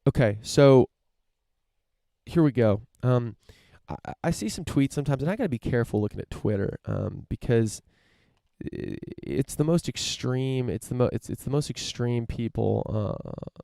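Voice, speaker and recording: A man's voice: medium pitch, very animated, moderate pace, gravelly, dark tone, no echo, studio quality. A young man hosting a podcast, rambling through a casual profane rant with lots of restarts and fillers. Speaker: podcast host.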